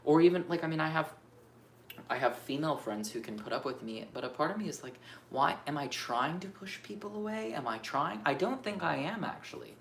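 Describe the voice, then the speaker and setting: A man with a high-leaning voice talks animatedly and a little fast in a raw, unscripted monologue for his astrology channel, a faint room hum behind him. He curses freely while venting, circling his thoughts and second-guessing himself aloud in restless rambles.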